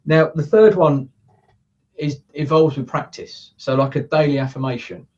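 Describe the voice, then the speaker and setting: An earnest man talks through his coaching methods in a relaxed interview, slipping into the voices of the thoughts he quotes. He sits at some distance from the mic in his office. The sound is dull and muffled. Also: on the high side, normal speed. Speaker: guest, coach. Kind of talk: casual interview chat.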